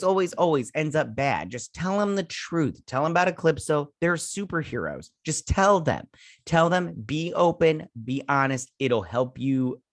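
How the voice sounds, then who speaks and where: A man's voice: medium pitch, dry recording, studio quality. Chatty man recapping a TV episode. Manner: retells scenes with quick offhand impressions; chatty with frequent fillers. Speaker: show host. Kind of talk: casual episode recap and review.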